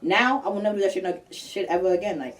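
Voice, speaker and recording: A young woman telling a personal story in a casual vlog, animated and slangy, acting out what people said. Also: mid-range voice, fast talker, far from the mic, faint music behind. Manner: animated, slangy, acts out quotes.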